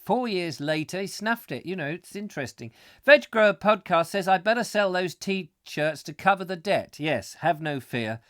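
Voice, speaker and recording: Reading out viewer comments on his comic live show, a middle-aged English host keeps veering into playful, mock-gruesome asides. His voice is a touch high for a man, a bit bright and expressive, at a normal speed, captured in a close, dry recording.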